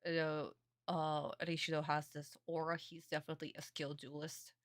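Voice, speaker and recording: A woman voicing a cool young woman who speaks low and flat in a sober, warning tone. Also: normal speed, dry recording, studio quality, natural voice. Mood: wary.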